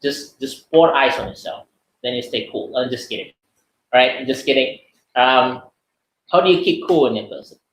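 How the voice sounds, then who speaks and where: A man's voice: medium pitch, normal speed, fairly bright tone. Chatty man lecturing in an echoey room. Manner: chatty, many fillers and "right?" tags. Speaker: webinar speaker. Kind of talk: casual lecture answering questions.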